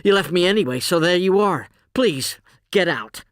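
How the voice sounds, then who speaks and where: Bitter shrill young woman in an audiobook, guy reading her way up high, close dry sound. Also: animated, moderate pace, dry recording. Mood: hysterical. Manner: shrill, near hysterical. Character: bitter pregnant young woman, hurt and contemptuous.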